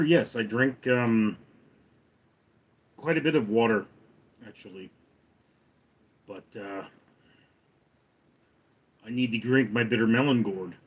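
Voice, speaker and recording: A man's voice: mid-range voice, husky, lo-fi sound. A slightly tipsy man hosting a casual livestream, rambling and joking as he answers viewers' chat one by one. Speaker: livestream host reading chat.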